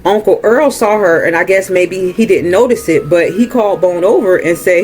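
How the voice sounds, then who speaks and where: A man's voice: high-pitched, moderate pace, darkish tone, faint music behind. A man hosting a movie recap, retelling the story in a casual, chatty way with laughs.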